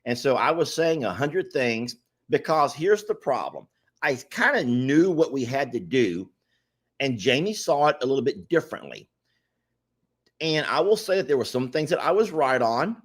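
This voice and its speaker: A man, chatting as co-host. His mid-pitched voice swings widely in pitch as he rattles off stories at speed. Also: slightly rough. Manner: fast-talking, animated storyteller. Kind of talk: casual chat.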